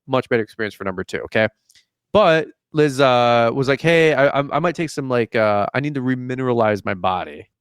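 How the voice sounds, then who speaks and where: A man's voice: mid-range voice, a little fast, clean tone, no echo, studio quality. A young man hosting a podcast, telling a story in casual chat and acting out the dialogue with lots of "like". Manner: animated storyteller, acts out dialogue, says "like" often. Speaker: podcast host.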